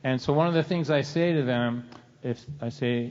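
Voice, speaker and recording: A man's voice: medium pitch, moderate pace, darkish tone. A middle-aged man telling a comic story live, wry and self-mocking. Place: church hall venue. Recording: dull sound with long hall reverb.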